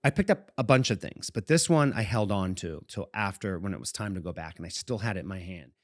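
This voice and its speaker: 40s boston guy telling a rambling story on a podcast, keeps chuckling, deepish voice. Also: expressive, fairly quick, no echo, clean studio sound. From Boston, USA. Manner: meandering, chuckles often. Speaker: podcast co-host. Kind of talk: casual storytelling.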